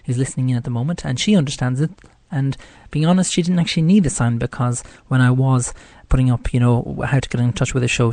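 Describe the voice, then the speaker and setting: A man's voice: mid-range voice, darkish tone, dry recording. Chatty Irish man hosting radio. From Ireland. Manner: chatty and rambling. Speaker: radio show host. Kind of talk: casual live radio talk.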